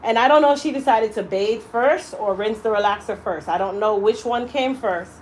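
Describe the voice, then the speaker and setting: A woman hairstylist, a touch high in pitch, tells a story while she works in her salon. She talks in a casual, animated way and throws weight on her words. Faint room noise sits behind her voice. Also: moderate pace, low-quality recording. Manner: animated, emphatic storyteller who acts out quotes. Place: hair salon.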